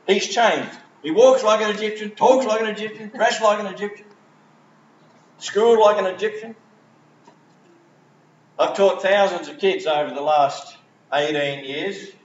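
High-voiced man preaching in an echoey hall. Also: a little slow, long pauses, far from the mic, muffled recording, a little hiss or hum. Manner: conversational storytelling, acts out quoted voices. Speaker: preacher and school teacher. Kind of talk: sermon.

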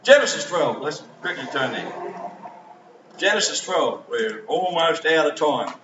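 High-voiced man preaching in an echoey hall. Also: animated, measured pace, a bit bright, far from the mic, muffled recording, a little hiss or hum. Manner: conversational storytelling, acts out quoted voices. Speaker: preacher and school teacher. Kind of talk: sermon.

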